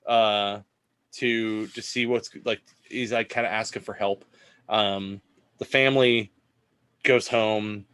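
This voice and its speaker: Relaxed rambling man co-host. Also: on the low side, slow pace, clear, resonant tone. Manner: rambling, relaxed, restarts a lot. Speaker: podcast co-host. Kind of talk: casual chat.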